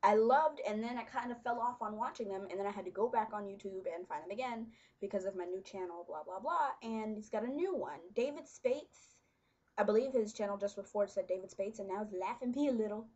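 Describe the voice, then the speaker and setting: A young woman chatting casually to her webcam, full of fillers and quick laughs. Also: mid-range voice, darkish tone, dull audio. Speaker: vlogger. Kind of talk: casual chat.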